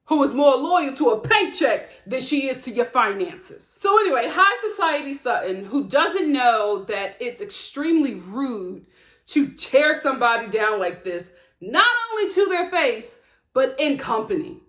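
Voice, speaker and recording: An outspoken woman talks straight to camera, recapping reality TV drama with lively sass and frequent laughter. Her voice sits slightly high. The room around her rings with noticeable echo. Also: unhurried. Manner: animated, outspoken, laughs often. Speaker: TV reality show reviewer. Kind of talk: sassy recap commentary to camera. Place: home studio with lights. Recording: echoey room.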